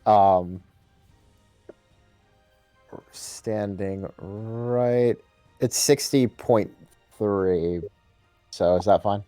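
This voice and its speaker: A man's voice: lowish voice, drawn-out words, mellow, no room sound, faint music behind. A man playing a tabletop game over voice chat, speaking unhurriedly and hesitantly with many ums as he plans his turn. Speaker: player.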